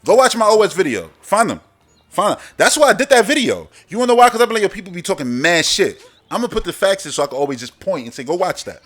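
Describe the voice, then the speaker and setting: A man's voice: sits high, sing-song, quick pace, a bit bright. A man hosting a gaming channel, ranting in a brash, boastful, heavily profane casual monologue.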